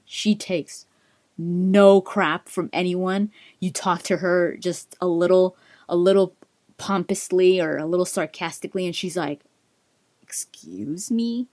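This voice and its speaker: Enthusiastic woman gaming host with a low voice, casually retelling a fantasy story; dry recording. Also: a little mellow, dry recording. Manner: chatty, giggly, enthusiastic.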